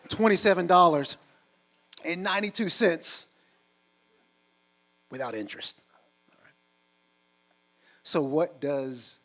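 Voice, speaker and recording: A man in his forties giving a humorous storytelling talk on stage, animated and acting out other people's voices. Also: fairly high pitch, poor audio. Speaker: keynote speaker. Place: on stage before a live audience.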